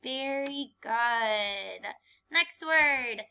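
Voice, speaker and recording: Slow, bright-voiced woman teaching young children. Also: high voice. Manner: slow, clear, sing-song counting and drilling; encouraging, playful. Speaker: kindergarten teacher.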